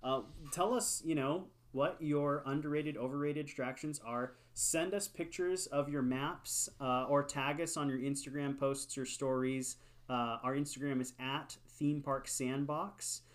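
A man's voice: mid-range voice, fairly even intonation, unhurried. A man from California co-hosting a theme park podcast, talking casually and upbeat with lots of fillers. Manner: upbeat, chatty with many fillers. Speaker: podcast co-host. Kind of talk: casual chat.

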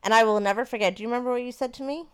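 A woman in her thirties casually telling a personal story to her partner, animated and swearing freely. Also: fairly high pitch, rapid-fire, clean tone.

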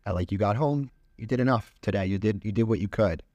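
A man co-hosts a podcast, talking loosely through a scripture passage. His voice sits low, and the sound is dry and close. He rambles, with frequent fillers and restarts. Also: fast talker, a little mellow, no room sound, dull audio. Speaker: podcast co-host. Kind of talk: casual chat about scripture.

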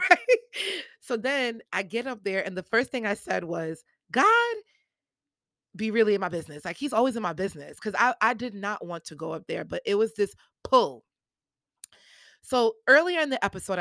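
A woman's voice: mid-range voice, a bit bright, dry recording. A woman hosting her own podcast, telling a story casually and acting out the people she quotes with big jumps in her voice, recorded on a podcast mic. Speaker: podcast host.

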